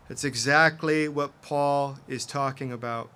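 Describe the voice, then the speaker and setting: A man's voice: fairly high pitch, unhurried, hardly any pauses, bright, forceful tone, clear, resonant tone. A man preaching a sermon as pastor, earnest and impassioned.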